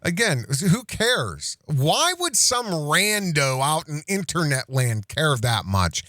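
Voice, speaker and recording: A middle-aged man hosts a commentary show with a slow, drawn-out delivery. His pitch swings up and down as he mocks what he hears. The sound is dry and close. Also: big pitch swings, sharp tone, dry recording. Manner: sarcastic, mocking, laughs often. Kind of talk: reaction commentary.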